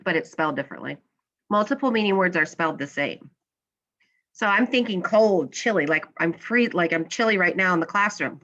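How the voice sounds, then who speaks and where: A woman's voice: medium pitch, pushed and bright, lo-fi sound. A woman teacher giving a classroom slideshow lesson, patiently asking questions and then answering them herself.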